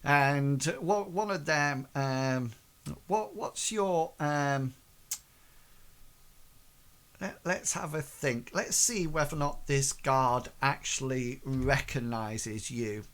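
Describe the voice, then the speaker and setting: A man's voice: medium pitch, a bit bright. A man narrating as game master of a tabletop game, hesitant, with many fillers. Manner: hesitant, many fillers, puts on quick voices for townsfolk.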